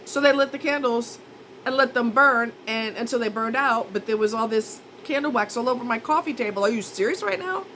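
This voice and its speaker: Chatty rambling woman, fairly high voice. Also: a little fast, bright, forceful tone, a little hiss or hum, poor audio. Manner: rambling, chatty, self-mocking. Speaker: vlogger. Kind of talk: casual storytelling.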